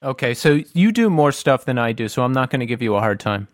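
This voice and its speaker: A man's voice: mid-range voice, big pitch swings, fast talker, dry recording, studio quality. A man co-hosting a podcast in casual chat, teasing his co-host and swearing freely.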